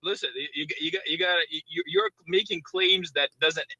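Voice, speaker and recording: Male debate caller, defensive and pleading to be heard, bright and high, dry. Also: moderate pace, no echo, dull audio. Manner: defensive, keeps saying listen. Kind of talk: heated online debate.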